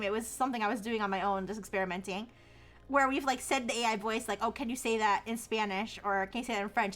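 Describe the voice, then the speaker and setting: A young adult woman streaming live, chatting casually about news, animated and laughing, rambling with frequent restarts. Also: sits high. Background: faint music.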